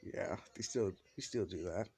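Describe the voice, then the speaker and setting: A man casually improvising a fan-fiction story out loud, rambling with lots of "like" and restarts. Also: deep voice, moderate pace, breathy edge.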